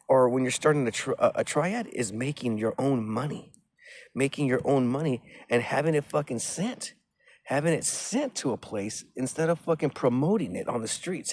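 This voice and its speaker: A man's voice: a little high, darkish tone. A man in a rambling, agitated, profane monologue who keeps repeating himself.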